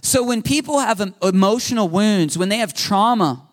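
A man preaching a sermon as pastor, lively and animated, acting out the voices he quotes. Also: high-pitched, moderate pace.

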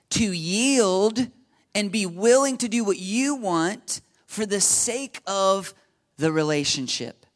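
A man from the United States preaching a sermon in an animated, joking way, often checking in with his listeners. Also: sits high. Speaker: pastor.

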